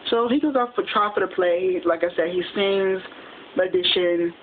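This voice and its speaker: Rambling fan recapping a TV episode on a tinny line. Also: mid-range voice. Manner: rambling, quick retelling with restarts. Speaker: TV episode reviewer. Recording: tinny phone-like audio with faint hiss.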